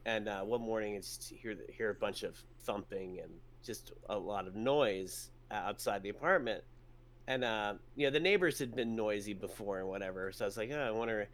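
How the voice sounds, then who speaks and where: A man's voice: lowish voice, moderate pace, fairly bright tone. A man telling a story in casual chat, rambling with many fillers and restarts and casual swearing.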